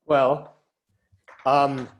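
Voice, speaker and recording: A man's voice: mid-range voice, level tone, drawn-out words. A man in his forties, a counselor, talking conversationally on a video-call panel and telling anecdotes with light laughs. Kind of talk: casual panel talk with storytelling.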